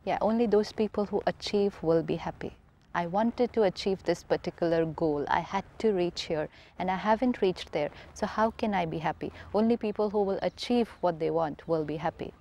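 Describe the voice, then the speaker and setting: Calm, mellow-voiced woman teaching gently. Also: on the low side, moderate pace. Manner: steady, explanatory, repeats key phrases for emphasis. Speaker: spiritual teacher. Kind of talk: calm spiritual talk show conversation.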